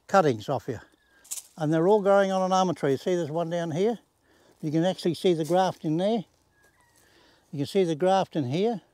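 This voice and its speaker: A man's voice: fairly high pitch, darkish tone, no echo. A man, casually showing a home garden in a plain-spoken, folksy way and using rural sayings. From Australia. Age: 80s. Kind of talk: casual demonstration. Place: outdoors in a garden.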